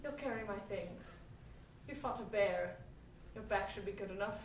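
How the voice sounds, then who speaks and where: A woman's voice: medium pitch, slight background noise, lightly acted. A woman playing an ambitious, commanding expedition leader in a live stage improv scene. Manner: commanding, brisk, grand. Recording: echoey theatre, far from mic.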